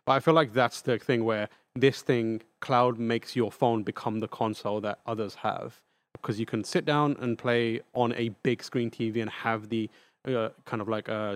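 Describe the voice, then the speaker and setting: A man's voice: on the low side, no echo. A man appearing as a guest games journalist on a podcast, thinking aloud in casual chat, full of likes and restarts.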